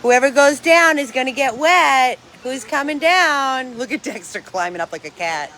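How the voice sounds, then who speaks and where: A woman's voice: high-pitched, expressive, normal speed, bright, forceful tone, a little hiss or hum. A woman who runs a dog rescue, talking to her followers outdoors in an earnest, emphatic, chatty way. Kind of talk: casual vlog to followers.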